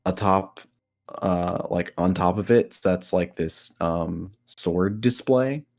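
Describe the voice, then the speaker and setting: A man narrating a tabletop game as game master, slow and halting, with many fillers. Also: low-pitched, a little mellow.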